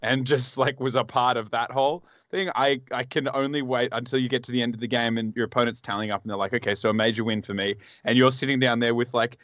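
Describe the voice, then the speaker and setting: A man's voice: mid-range voice, fairly even intonation, quick pace, few pauses, a bit bright, dry recording. A man co-hosting a tabletop wargaming show in casual chat, rambling, teasing and swearing freely. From Australia. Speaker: podcast co-host.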